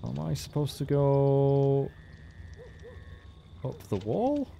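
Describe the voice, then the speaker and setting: A man's voice: mid-range voice, very animated, extremely slow, gravelly, dark tone, a little hiss or hum. Chatty man playing a game. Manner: chatty, joking, swears freely. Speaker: let's play host. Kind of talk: casual game commentary.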